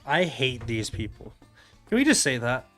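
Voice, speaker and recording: A man's voice: medium pitch, very animated, moderate pace, a bit bright. Guy ranting on stream, mid voice, swears a lot, faint music behind. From Canada. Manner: blunt, profane, sneering, laughs often. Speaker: streamer reacting to videos. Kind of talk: casual rant commentary.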